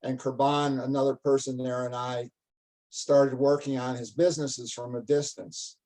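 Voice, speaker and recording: Older man telling a lively story. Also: mid-range voice, normal speed, poor audio. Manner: animated, laughs often, lively retelling. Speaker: guest. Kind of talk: casual storytelling.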